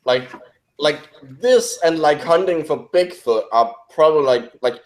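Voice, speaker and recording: A man's voice: on the high side, a little slow. A man co-hosting a casual online chat, rambling and saying "like" over and over. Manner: rambling, says "like" a lot. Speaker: co-host.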